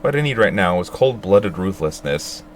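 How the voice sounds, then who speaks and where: A man's voice: deep voice, animated, normal speed, a little hiss or hum. A man voicing a teenage girl gang boss who rants dramatically about becoming a ruthless villain. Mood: indignant ranting. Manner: dramatic, indignant ranting.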